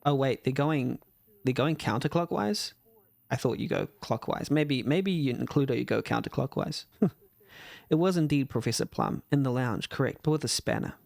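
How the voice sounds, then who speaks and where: A man's voice: mid-range voice, normal speed, creaky, darkish tone, no room sound. A man casually commenting on a game he plays, chatty and wry, often laughing and restarting his sentences. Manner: chatty, giggly, restarts a lot, wry asides. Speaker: let's play gamer. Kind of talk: casual game commentary, reading dialogue aloud.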